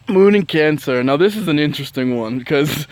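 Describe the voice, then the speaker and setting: A man's voice: fairly high pitch, a little mellow, no room sound. Rambling, chatty male vlogger, dry sound. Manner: rambling, chatty, many fillers and restarts; bursts into laughter between points. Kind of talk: casual astrology chat.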